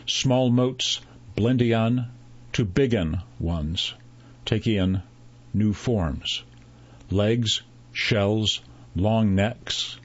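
Slow husky male storyteller. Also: fairly low pitch, muffled recording. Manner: measured, unhurried storytelling with voiced dialogue. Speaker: narrator. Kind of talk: scripted story narration.

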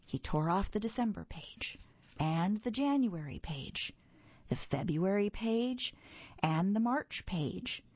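A woman reading a children's story aloud for a reading service, in a gentle, clear storytelling manner. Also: medium pitch, lively intonation, takes it slowly, dry recording, muffled recording. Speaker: audio reader for a reading service.

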